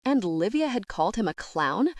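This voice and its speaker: Woman audiobook narrator, wry, lively pitch, dry close recording. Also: moderate pace, no echo. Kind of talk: scripted narration.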